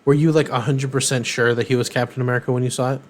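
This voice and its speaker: A man's voice: medium pitch, fairly even intonation, racing. A man co-hosting a podcast, chatting casually and rambling with lots of ums and uhs. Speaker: podcast co-host. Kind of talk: casual chat.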